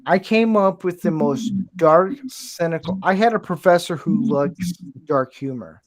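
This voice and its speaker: A man's voice: on the high side, unhurried, rough recording. A man hosting a casual build stream, telling a rambling story with frequent swearing. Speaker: streamer building a brick toy set. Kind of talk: casual chat while building.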